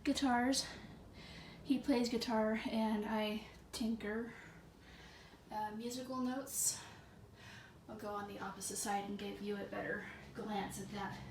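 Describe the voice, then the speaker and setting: Out of breath and holding her phone as she films her bedroom, a woman vlogger talks to her viewers with a bubbly, joking energy. She has a medium-pitched, steady voice and speaks a little slowly. Faint ambient noise fills the echoey room.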